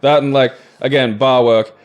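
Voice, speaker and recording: A man's voice: medium pitch, steady tone, moderate pace, smooth, dull audio. A man playing a video game and chatting casually with a co-host, jokey and crude. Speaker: let's play player and co-host. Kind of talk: casual chat while playing.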